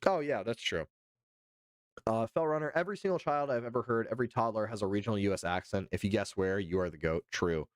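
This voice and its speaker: A man's voice: fairly low pitch, fast talker, dry recording, studio quality. A man livestreaming casual commentary, reading chat and talking it through in a hesitant way that repeats itself and swears freely. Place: home streaming setup.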